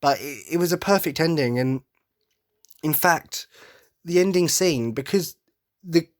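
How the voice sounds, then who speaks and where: A man's voice: on the high side, unhurried. A man hosting a podcast in a casual monologue, rambling and enthusiastic, often stopping to correct himself. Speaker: podcast host.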